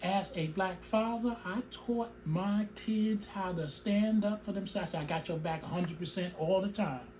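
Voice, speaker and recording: A man's voice: high voice, measured pace, few pauses, darkish tone, slight background noise. A middle-aged man hosting his own show, giving an emotional, opinionated commentary that breaks off into asides about his own speech. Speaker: show host.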